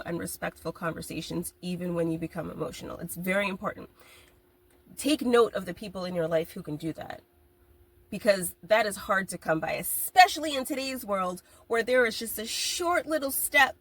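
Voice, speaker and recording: A woman podcast host telling a story in a candid, animated way, laughing often and swearing freely. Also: medium pitch, brisk, husky. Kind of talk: casual podcast monologue.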